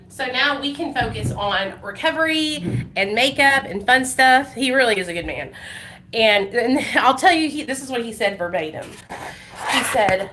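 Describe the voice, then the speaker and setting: This livestreaming vlogger has a slightly high, sharp-toned, animated voice at normal speed. Her chat is rambling and emotional, full of fillers and false starts, recorded in an echoey room with faint noise.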